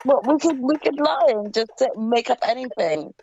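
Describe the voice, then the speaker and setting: A woman's voice: fairly high pitch, expressive, moderate pace, dark tone. A woman co-hosting a podcast, chatting casually with a hesitant, playful manner. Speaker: podcast co-host. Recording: dry, dull lo-fi sound.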